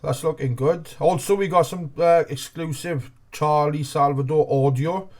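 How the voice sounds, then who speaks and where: A man chats as a podcast co-host, earnest and casual. His voice sits a little higher than most men's. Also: fairly even intonation, unhurried, a little mellow. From Wales. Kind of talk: casual banter.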